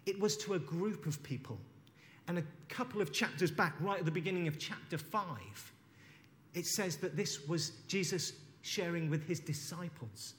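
A man's voice: high voice, animated, moderate pace, a bit bright. A man preaching a sermon, reflective, reading scripture aloud and unpacking it. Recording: long hall reverb.

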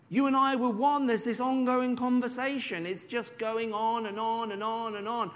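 Guy preaching, high voice, chatty, long echo in a church hall. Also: level tone, a bit bright. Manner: conversational, drawn-out emphasis on key words. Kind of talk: sermon.

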